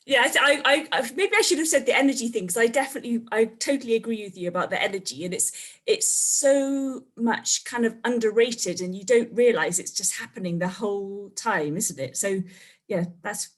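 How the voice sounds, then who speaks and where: A woman's voice: a little high, a little fast, a bit bright. A woman who works as a family historian, a guest on a podcast, talking reflectively in casual conversation and ending her points with tag questions.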